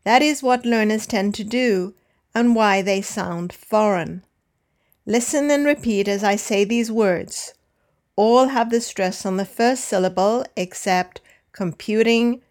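A woman teaching English pronunciation in a scripted lesson, enunciating slowly and carefully. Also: medium pitch, darkish tone. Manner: slow, careful, deliberate enunciation.

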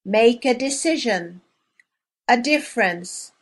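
A woman leading a language lesson drill, speaking slowly and clearly and pausing between words. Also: on the high side, lively intonation. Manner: clear, measured, spacing out each word. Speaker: language teacher. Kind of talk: slow, deliberate language drill.

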